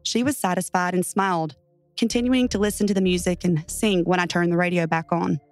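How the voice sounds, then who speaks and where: A woman's voice: fairly low pitch, steady tone, a little fast, no room sound, faint music behind. A woman narrating a true first-person story in an earnest, tense way.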